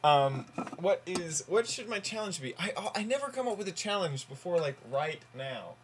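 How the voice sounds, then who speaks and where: A man vlogging casually, rambling and halting with lots of fillers while he sets up a long joke. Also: high-pitched, sing-song, slight background noise. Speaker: vlogger on a group channel. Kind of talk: casual vlog, telling a joke.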